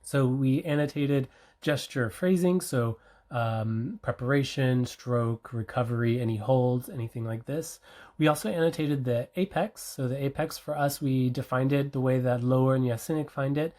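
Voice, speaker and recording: A researcher presents a study at a conference, mid-pitched and even-toned. The delivery is explanatory, with frequent ums, uhs and self-corrections. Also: normal speed.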